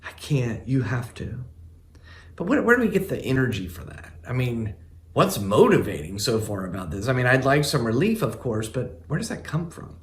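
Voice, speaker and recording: A man's voice: mid-range voice, sing-song, slight background noise. Earnest man preaching in an echoey room. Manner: earnest, emphatic preaching with pauses. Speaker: pastor. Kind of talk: sermon.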